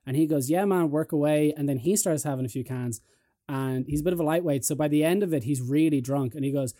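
Man, podcast host, animated storyteller, slightly high voice, mellow warm tone. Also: fast talker. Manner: lively storyteller, mimics voices. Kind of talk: casual chat.

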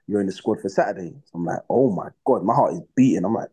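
A man's voice: sits low, expressive, fast, dark tone, breathy edge. A young man, a footballer guest on a podcast, telling his career stories casually, with slang, and acting out his own past reactions. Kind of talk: casual storytelling in a podcast interview.

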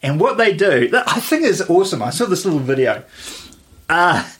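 A man's voice: on the high side, very animated, normal speed, fairly bright tone. A man co-hosting a podcast in casual chat, rambling with lots of fillers and restarts. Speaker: podcast co-host.

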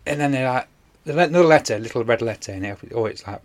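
A man's voice: medium pitch, animated, quick pace. A man, casually retelling a TV episode on a podcast, rambling with many fillers. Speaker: podcast co-host. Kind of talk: casual chat.

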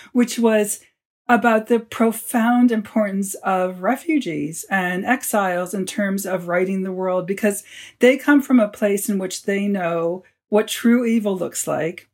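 Animated woman telling a wartime story. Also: medium pitch. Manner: animated storyteller, quotes people in her tale. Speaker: author and guest. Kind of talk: storytelling interview answer.

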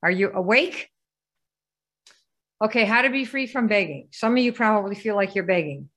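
A woman's voice: mid-range voice, a little fast, creaky, fairly bright tone. A woman giving a live business training presentation. She keeps firing rhetorical questions at her listeners and pushing them to answer. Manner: rhetorical, quizzes the audience.

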